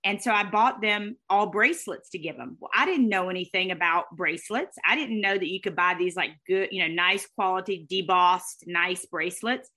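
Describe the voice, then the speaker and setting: A middle-aged woman, a guest telling her story in an expressive, fast way. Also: on the low side. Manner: fast, expressive, with faith talk and laughter. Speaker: guest, speaker and former sportscaster. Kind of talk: animated storytelling interview.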